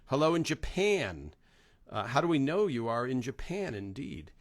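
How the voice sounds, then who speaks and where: A man's voice: medium pitch, very animated, moderate pace, dry recording, clean studio sound. A middle-aged man from New Jersey hosting a casual livestream, greeting viewers one by one with many fillers. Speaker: host.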